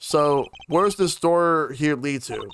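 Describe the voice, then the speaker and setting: A man's voice: a little high, lively intonation, takes it slowly, a bit bright, slight background noise. Man reading a visual novel aloud. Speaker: streamer reading a game aloud. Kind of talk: reading game dialogue aloud.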